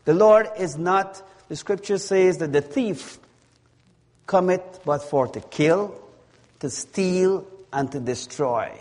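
A man delivers a sermon at a very slow, measured pace, stressing key words again and again. His voice sits a little higher than most men's. The sound carries a long reverb, as in a church hall. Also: a little mellow. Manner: slow, deliberate preaching with emphatic repetition. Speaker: preacher.

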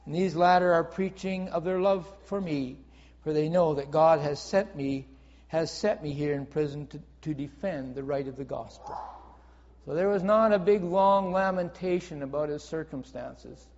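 A man's voice: on the high side, moderate pace, a little mellow. A man preaching a sermon in an earnest way, reading scripture aloud and explaining it, often repeating his phrases. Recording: dull audio with long hall reverb.

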